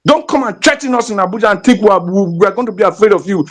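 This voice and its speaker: Fiery high-voiced Nigerian man. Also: expressive, fast, hardly any pauses, fairly bright tone. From Niger Delta, Nigeria. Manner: combative, defiant, mixing Pidgin. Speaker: activist speaker. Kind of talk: heated speech in an online audio room.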